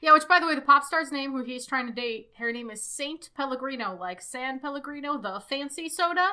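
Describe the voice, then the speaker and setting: A woman's voice: sits high, fairly quick. A woman co-hosting a podcast, chatting casually and jokingly with frequent swearing and an American accent. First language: English; also fluent in Russian. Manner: animated, swearing, jokey. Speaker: podcast co-host. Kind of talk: casual chat.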